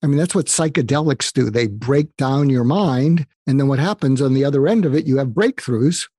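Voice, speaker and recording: An older man speaks as a guest psychiatrist, earnest and advising as he tells stories. His voice is mellow and a little husky. The sound is dry and close. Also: mid-range voice, lively intonation, moderate pace, no room sound. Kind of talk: interview storytelling.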